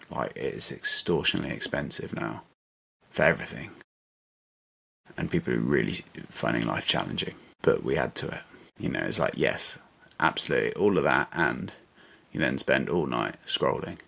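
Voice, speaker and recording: A man's voice: sits low, vocal fry, a bit bright, husky. A man co-hosting a podcast, talking in an earnest, reflective and motivational way. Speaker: podcast co-host. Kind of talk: casual podcast chat.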